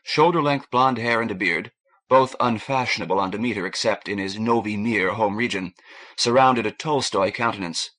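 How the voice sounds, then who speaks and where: A man reading a science fiction novel as an audiobook narrator, measured and even. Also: lowish voice. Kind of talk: scripted narration.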